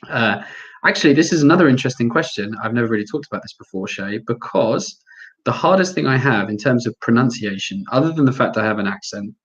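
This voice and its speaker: A man with an English accent answering viewer questions in a lively, chatty live Q&A, reading each question aloud before answering. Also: medium pitch, quick pace, muffled recording. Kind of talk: casual live Q&A.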